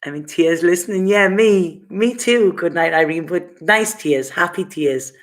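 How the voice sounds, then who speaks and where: A woman's voice: fairly low pitch, a little slow. A woman giving a casual live-stream tarot reading, chatty and rambling, laughing often between thoughts. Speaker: tarot reader.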